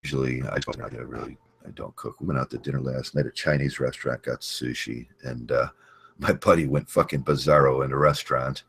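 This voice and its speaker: Very deep-voiced man, rambling chat. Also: fairly even intonation, gravelly, fairly bright tone, slightly rough. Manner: rambling, halting, many fillers and restarts; reads and greets chat viewers. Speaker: livestream host. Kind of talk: casual livestream chat.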